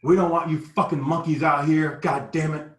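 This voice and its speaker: A raging grown man with a shotgun barks taunts over and over, pitched high and loud, as a man puts him on in a retelling. His voice sits well above the teller's own, and it rings in an echoey room. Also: fairly even intonation, moderate pace, distant mic, lightly acted. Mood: angry, taunting. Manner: yelling, hostile, repetitive taunting. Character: enraged armed adult male harasser shouting.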